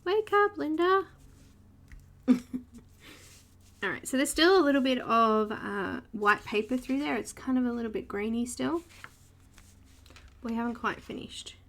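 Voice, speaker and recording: A woman's voice: on the high side, normal speed, pauses often, fairly bright tone. A woman with an Australian accent hosting a live coloring stream, chatting casually while she explains each step and greets viewers by name. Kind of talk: live art tutorial narration.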